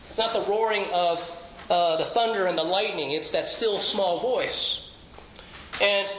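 A male pastor preaches a sermon in a church sanctuary in an earnest, conversational way, asking rhetorical questions and restarting his phrases. His high-pitched voice sounds pushed and bright, in an echoey church room with faint noise.

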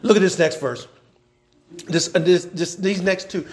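Gravelly preacher man, real high voice, goes from shouting to low asides, repeats himself a lot. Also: normal speed. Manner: swings between loud shouting and low, quiet asides; colloquial preacher, repeats words and restarts. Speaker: pastor. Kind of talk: sermon.

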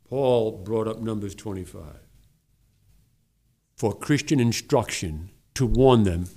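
A man who is a pastor, preaching a sermon in a church and swinging between loud emphasis and low, mocking asides. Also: slow pace, long pauses.

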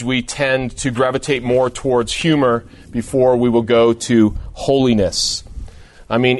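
A man's voice: mid-range voice, dry recording. A man delivers a sermon in a mid-range voice. He is earnest and emphatic, stressing his points through repetition. The recording is dry and close. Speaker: pastor.

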